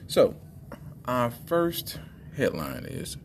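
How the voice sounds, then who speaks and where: A man from the Midwest hosting a podcast, doing casual comedic commentary in an animated, exasperated way and talking straight to his listeners. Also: on the low side, measured pace, slight background noise. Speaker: podcast host.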